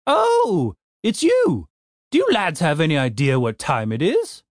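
A man's voice: on the high side, wildly swooping pitch, measured pace, no echo, clean studio sound, voice pushed up. Man doing a grumbling old gnome wizard. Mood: grumpy. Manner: sleepy, grumbling, fussy. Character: small grumpy old male gnome shopkeeper wizard.

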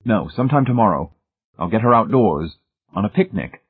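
A man reading a resolute quiet man, husky. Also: lowish voice, expressive, moderate pace. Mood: firm. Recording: tinny, phone-like narrow sound.

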